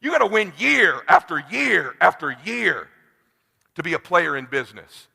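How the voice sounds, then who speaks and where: Gravelly high-ish guy in his 40s preaching motivation, intense, big hall echo. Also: very animated, moderate pace. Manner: intense, swings from hushed to shouting; preachy, addresses crowd as brother. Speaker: motivational speaker. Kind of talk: motivational speech.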